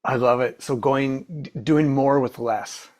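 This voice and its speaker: A man's voice: mid-range voice, steady tone, measured pace, a little mellow. A man hosting a drumming podcast interview, asking rambling questions in a casual way, full of fillers.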